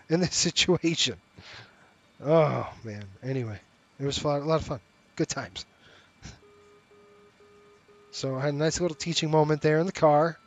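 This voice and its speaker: A man's voice: fairly high pitch, no room sound. A middle-aged man streaming a flight sim, chatting casually and talking straight to his viewers. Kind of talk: casual live-stream chat and commentary.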